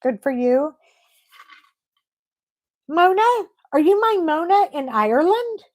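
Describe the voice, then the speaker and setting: A woman's voice: high-pitched, big pitch swings, takes it slowly, a little mellow, no room sound. A woman hosting a casual livestream, chatty and effusive as she reads viewer comments aloud. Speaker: livestream host.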